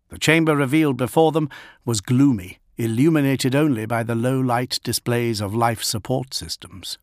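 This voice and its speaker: In clean studio audio without room sound, a man narrates an audiobook with a mid-range voice and a steady, even storytelling delivery.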